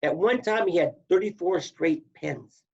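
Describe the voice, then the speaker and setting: This man's voice is high, unhurried, and gravelly, heard on dull lo-fi audio. He's a former wrestler guesting on a podcast, casually spinning wrestling yarns and performing the quotes with animated flair.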